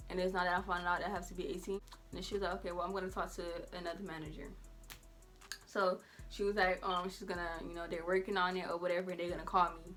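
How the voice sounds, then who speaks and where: Bright-voiced teen girl telling a story. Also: on the low side, quick pace, soft background music. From Georgia, US. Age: teenager. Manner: animated, conversational, Southern slang. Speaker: vlogger. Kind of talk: casual storytime.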